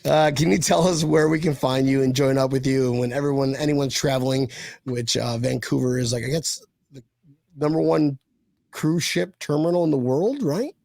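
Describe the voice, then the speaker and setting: A man's voice: mid-range voice, moderate pace, vocal fry, a little mellow, no room sound. Man, podcast host, joking, laughing, dry sound. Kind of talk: casual chat.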